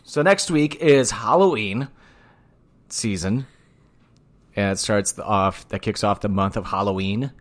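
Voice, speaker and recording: A man's voice: on the low side, measured pace, long pauses. A man co-hosting a podcast in casual chat, blunt and teasing, ranting at times. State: out of breath. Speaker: podcast co-host.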